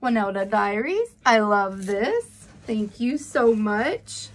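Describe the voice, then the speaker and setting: A woman in her thirties unboxing a gift on a phone camera, gushing with thanks between slow, halting fillers. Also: medium pitch, very animated. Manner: gushing and grateful, many fillers. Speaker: beauty seller unboxing a gift. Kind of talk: casual unboxing vlog.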